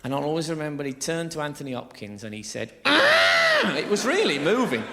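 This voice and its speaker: A man's voice: a little high, lively intonation, quick pace, background noise. A man from England doing a chatty, crude live stand-up routine on a theatre stage, teasing the audience and laughing at his own jokes. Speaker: stand-up comedian.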